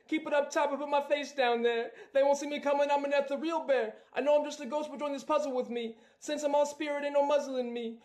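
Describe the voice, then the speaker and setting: A man voicing a cocky ghostly male bear, rapping boastfully with shouted ad-libs. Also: very high-pitched. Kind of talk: rap song.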